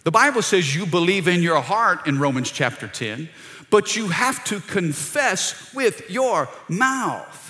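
A middle-aged male pastor preaches with a bright, lively voice that swings up and down, calling out to his congregation. His voice carries a long reverb from a large church hall. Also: fairly high pitch. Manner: energetic, calls out to the congregation. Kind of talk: sermon. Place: church sanctuary.

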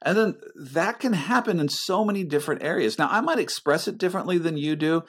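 A middle-aged man talking earnestly about faith and relationships, with a pastoral manner, often dropping into a soft, low voice. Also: animated, a little fast. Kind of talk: reflective faith conversation.

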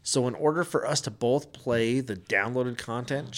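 A man's voice: mid-range voice, moderate pace, hardly any pauses. Man, casual podcast co-host; exasperated, profane storyteller. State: sick with flu at the time told, not now.

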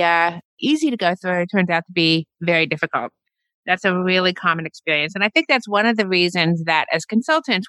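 A woman's voice: medium pitch, sharp tone, no echo. A woman hosting an interview, asking encouraging questions in a casual, conversational way. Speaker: podcast host, organizing consultant.

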